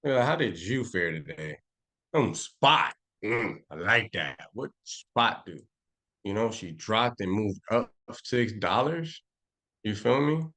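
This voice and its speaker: A man teaching a casual live trading class, rambling and slangy, thinking out loud as he charts on a shared screen. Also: on the low side, lively intonation, slow pace. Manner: rambling, slangy, talks to himself while charting. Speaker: trading instructor.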